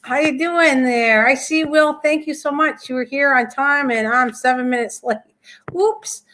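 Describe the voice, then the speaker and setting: A woman's voice: high-pitched, unhurried, a bit bright. An older woman hosting a casual live stream from home, chatting in a rambling way and greeting viewers by name.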